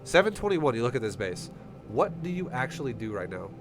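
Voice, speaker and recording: Very animated and brisk, a medium-pitched male StarCraft coach tears through a player's replay on a casual stream, blunt, heated and profane. His nose is running, and the noisy background carries music underneath.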